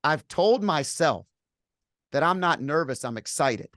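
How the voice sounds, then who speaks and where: A man's voice: on the high side, expressive, unhurried, a bit bright, dry recording, clean studio sound. A man in his forties hosting an interview, sharing a personal story in an earnest, conversational way. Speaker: podcast host.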